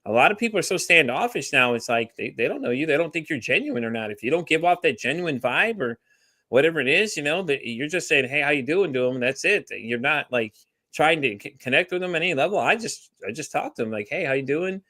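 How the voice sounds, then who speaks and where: A man's voice: a little high, lively intonation, sharp tone, dry recording, studio quality. A man from Texas in a casual podcast chat, telling rambling stories and acting out quoted dialogue. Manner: fast, rambling storyteller who acts out quoted dialogue. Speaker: podcast guest.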